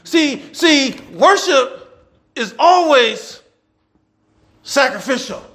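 A man, a pastor preaching a sermon in a church, repeating phrases and building to shouts. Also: extremely high pitch, big pitch swings, very slow. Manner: repetitive call-and-response preaching, swelling to shouts.

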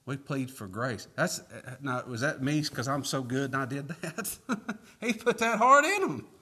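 A man's voice: mid-range voice, animated, unhurried, pushed and bright, breathy edge. A man preaching a sermon, reading scripture aloud and asking folksy rhetorical questions with emphatic rises.

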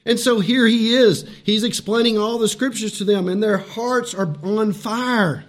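This sermon comes from a male pastor whose high, bright voice moves a little slowly. He's animated and laughs at his own points, then turns hushed and intense, repeating phrases to hammer them home.

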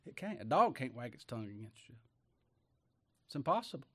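A man preaching a folksy sermon, swinging between loud declaiming and hushed asides, chuckling often and talking in plain homespun speech. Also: medium pitch, sing-song, brisk, breathy edge.

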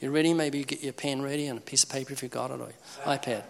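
Speaking very fast in a mid-range, creaky voice, a male evangelist delivers a comic preaching talk on evangelism. He acts out conversations with lively energy. The sound bounces with hall reverb.

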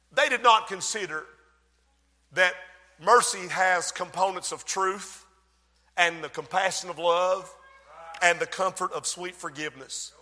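A male preacher with a bright, forceful voice pitched a little high, delivering a dramatic sermon. He swells loud and drops soft, drawing out key words, and the sound rings with a long hall reverb. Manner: dramatic, swells and drops in loudness, slows for emphasis.

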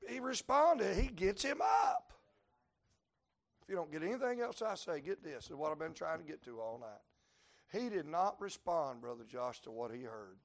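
A man, preaching a sermon to a congregation. He moves between quiet, folksy asides and shouted climaxes. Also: on the high side, sing-song, a little fast. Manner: folksy humor, plainspoken dialect. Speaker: traveling preacher. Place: church building before a congregation.

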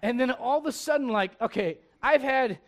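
A male pastor preaching a sermon, animated and humorous, with laughing asides and acted-out quotes. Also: very high voice, normal speed.

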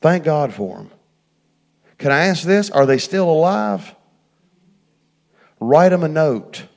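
A middle-aged man preaching a sermon, telling a personal story and swinging from hushed asides to loud, fervent passages. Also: medium pitch.

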